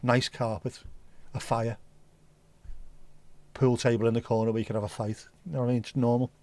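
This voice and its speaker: A man's voice: medium pitch, little pitch movement, a little fast, no echo. Sweary rambling man. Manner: answers chat comments out loud. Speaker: livestream host. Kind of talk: casual chat with a live audience.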